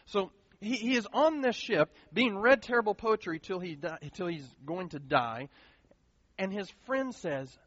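A man preaching a sermon as pastor, earnest and animated, repeating key phrases for emphasis. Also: sits high, unhurried, dry recording. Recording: dull lo-fi sound, dry.

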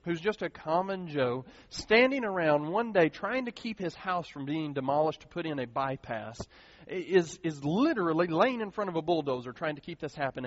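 A man preaching a sermon as pastor, earnest and animated, repeating key phrases for emphasis. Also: fairly high pitch, no room sound. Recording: dull lo-fi sound, dry.

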